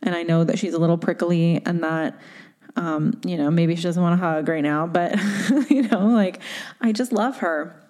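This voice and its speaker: A woman with a low-set voice gives a solo motivational talk as a coach. She speaks casually and candidly, leaning on fillers and quick tag questions. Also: a little mellow. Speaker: podcast host and coach.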